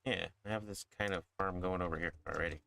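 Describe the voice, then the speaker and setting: A man's voice: sits low, steady tone, fast talker, vocal fry, pushed and bright. A man talking casually and wryly about his game as he plays with a friend. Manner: wry, commenting on his play. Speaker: co-player. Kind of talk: casual gaming chat.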